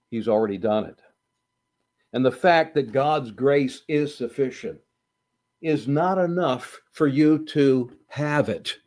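A man preaching a sermon, slow and deliberate, building to emphatic repetitions. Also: mid-range voice, a little mellow. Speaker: pastor.

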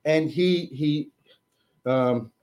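A man preaches a sermon, reading scripture with rising force and dropping low for asides. He is animated but halting, with frequent restarts and fillers, and the recording quality is low.

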